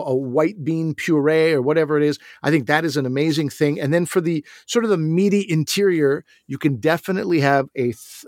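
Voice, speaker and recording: Man, casual food podcast, rambling, animated, slightly high voice. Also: dry recording, studio quality. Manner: rambling, animated, self-interrupting. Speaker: podcast co-host.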